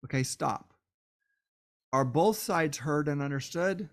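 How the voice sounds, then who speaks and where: A man's voice: on the high side, slow pace. A man hosting a solo podcast, tired and worn down, talking with passion and repeating phrases for emphasis. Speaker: podcast host.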